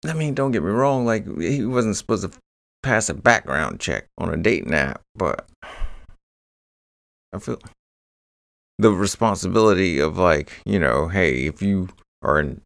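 A man's voice: sits low, expressive, a little slow, gravelly, long pauses, a bit bright, dry recording, clean studio sound. A man hosting a true crime podcast, rambling through the case with joking asides. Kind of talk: casual true crime narration.

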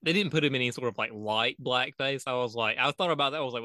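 Bright-voiced man, dry close sound. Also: mid-range voice, racing, hardly any pauses, no echo. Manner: rambling, joking movie commentary. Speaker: podcast co-host. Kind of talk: casual chat.

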